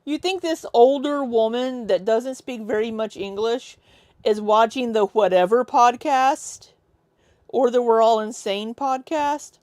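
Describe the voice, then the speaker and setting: A woman's voice: a little high, a little mellow, no room sound. Sarcastic woman commentator, dry close mic. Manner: sarcastic, skeptical asides. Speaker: commentary channel host. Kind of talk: reaction commentary.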